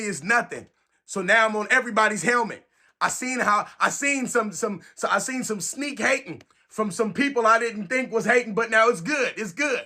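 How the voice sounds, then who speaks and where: A man from San Francisco, ranting casually and emphatically to camera as a sports fan, repeating his points. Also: sits high. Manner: animated, emphatic, repeats phrases.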